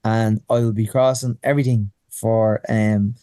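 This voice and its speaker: A man's voice: fairly low pitch, steady tone, measured pace, dark tone, no echo. Enthusiastic male host, dry sound. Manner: enthusiastic, exclamatory, laughs easily. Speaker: podcast co-host. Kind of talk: casual podcast chat.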